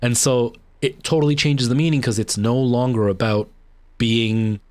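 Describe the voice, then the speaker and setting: Guy on a game stream rambling through a long story, lots of ums and restarts, mid-pitched voice, dry close sound. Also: fairly even intonation, moderate pace, a little mellow, dry recording. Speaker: livestreamer. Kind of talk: casual chat while gaming.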